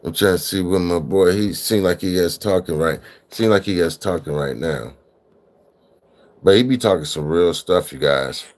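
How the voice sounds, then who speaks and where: A man with a very low voice hosts a casual live stream, chiming in with slangy affirmations while his guest speaks. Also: normal speed.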